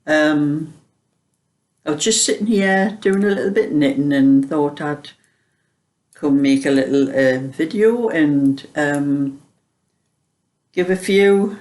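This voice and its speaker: A woman's voice: deep voice, slow, pauses often, a little mellow. A woman with a Geordie accent chatting casually to camera as a vlogger, homely and full of small hesitations. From Newcastle upon Tyne, England.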